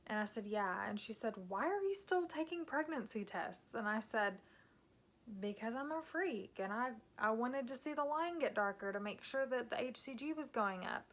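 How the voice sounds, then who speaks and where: A woman's voice: a little high, expressive, normal speed. A woman in her thirties telling her own story to camera in a candid, emotional way. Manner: candid and emotional, with some soft hushed passages. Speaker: vlogger.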